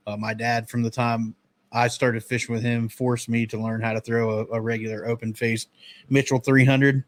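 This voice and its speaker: A man in his thirties from the northern United States, telling relaxed childhood stories in a casual podcast talk. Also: medium pitch. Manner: relaxed storytelling, drawn-out memories. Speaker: podcast host.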